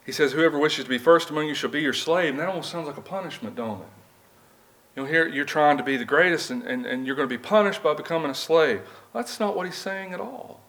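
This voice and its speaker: A man with a drawl preaches in a church, slightly high-voiced and earnest. He moves between reading scripture aloud and talking plainly to the congregation. His delivery is conversational, built on rhetorical questions. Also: fast talker, fairly bright tone. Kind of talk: sermon. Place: church building.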